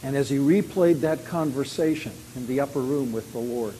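A man preaching a sermon. He acts out quoted lines loudly and drops to a quiet voice when he reflects. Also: mid-range voice, normal speed. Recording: long hall reverb with faint hiss.

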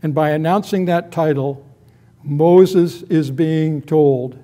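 An older man preaching an expository sermon, slow and deliberate, stressing key phrases with emphasis. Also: fairly high pitch, dark tone.

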